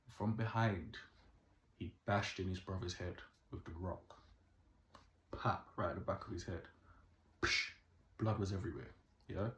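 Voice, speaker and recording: Deep-voiced man telling a story, echoey room. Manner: animated, keeps asking "yeah?", moralizing. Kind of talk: casual storytelling to camera.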